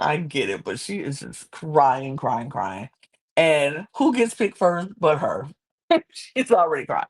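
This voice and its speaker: A woman hosting a podcast, chatting casually and animatedly about a reality show, sometimes acting out people in high squeaky voices. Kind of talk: casual chat.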